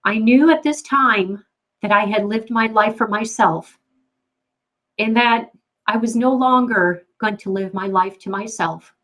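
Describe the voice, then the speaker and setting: A middle-aged woman giving a personal faith testimony, halting with frequent repeated words and restarts. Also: medium pitch, fairly bright tone, rough recording.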